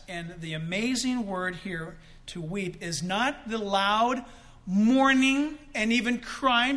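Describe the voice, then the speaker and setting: A male pastor preaching a sermon, slowing down dramatically to stress key words and rising with emphasis. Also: extremely high pitch, sharp tone.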